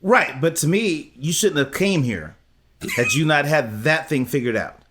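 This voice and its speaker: A man co-hosting a podcast in casual recap chat, opinionated and deliberate, speaking to his listeners. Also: a little high, lively intonation, background noise. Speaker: podcast co-host.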